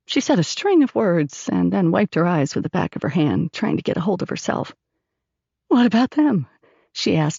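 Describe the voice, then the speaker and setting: A woman narrates an audiobook with lively, animated pitch. Her voice carries some gravel, and the recording is dull and dry, close to the mic. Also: no echo.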